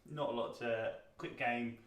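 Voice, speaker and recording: A British man in his thirties co-hosting a board game review, talking casually with frequent pauses and fillers. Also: mid-range voice, fairly even intonation, fairly bright tone. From Britain. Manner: chatty, hesitant, lots of ums. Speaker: board game channel co-host. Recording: roomy sound, mic at a distance.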